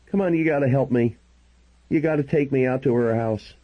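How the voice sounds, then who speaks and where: A man's voice: medium pitch, a little fast, highs cut off, voice pushed up, lightly acted. A male reader voicing an anxious, desperate grown man who pleads for help in an urgent, strained way. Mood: pleading.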